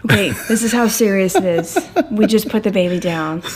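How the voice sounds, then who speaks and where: A woman co-hosting a casual home vlog, teasing and pushing her co-host with quick interjections. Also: medium pitch, darkish tone, slight background noise. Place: home at night.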